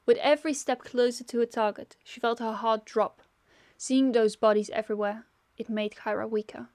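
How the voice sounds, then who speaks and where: A woman's voice: a little high, steady tone, moderate pace, darkish tone, no room sound. A woman who is a YouTuber reads her own story aloud in a casual way, often correcting herself. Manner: casual, self-correcting reader.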